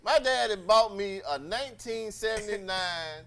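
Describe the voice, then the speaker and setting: A man's voice: high-pitched, a little slow, a crowd in the background. A man hosting a casual chat, telling stories with laughter and acting out the people he quotes. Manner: animated, laughing, acts out quoted voices. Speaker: host.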